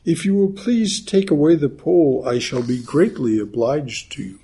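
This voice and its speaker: A man's voice: a little high, animated, moderate pace, mellow, slight background noise. A man reading a storybook aloud and voicing a friendly, polite male scarecrow in a raised voice.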